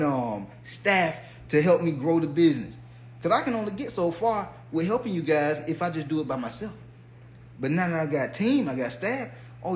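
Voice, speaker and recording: A man hosts a podcast, giving a blunt, profane, colloquial motivational monologue as a fitness coach. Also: high voice. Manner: blunt, profane, colloquial, acts out inner voices. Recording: roomy echo with faint hum.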